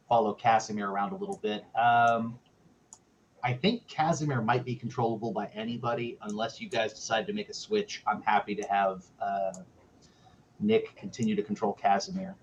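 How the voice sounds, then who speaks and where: A man's voice: fairly low pitch, fairly even intonation, normal speed, dull audio, slight background noise. A man running a tabletop game as game master, easygoing and a little hesitant as he explains things.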